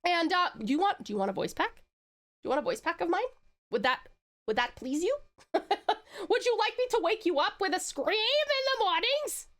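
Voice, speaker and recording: High lively Australian woman streamer. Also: moderate pace. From Tasmania, Australia. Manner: playful, teasing, bursts of excited squeals. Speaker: VTuber streamer. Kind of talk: casual live-stream chat.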